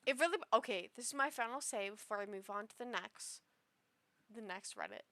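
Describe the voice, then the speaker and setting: A woman's voice: mid-range voice, animated, fairly quick, sharp tone, no echo. A tipsy woman rambling emotionally with many restarts while giving casual reaction commentary on online posts. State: tipsy after two shots. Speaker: streamer reading online posts.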